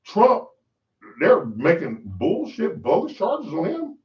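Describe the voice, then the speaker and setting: A man's voice: sits high, huge pitch swings, slow. A man hosting a podcast, delivering a profane, preachy ranting monologue. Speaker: podcast host. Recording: roomy, distant, dull lo-fi sound.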